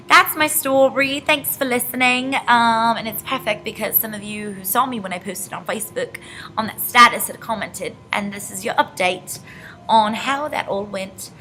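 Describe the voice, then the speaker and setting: A young woman with a bright, forceful voice shares a personal lesson in a casual vlog. She talks in an earnest, reflective way at a middle pitch. Soft music plays faintly underneath. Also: low-quality recording. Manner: earnest, reflective, speaks of handling conflict with poise. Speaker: vlogger.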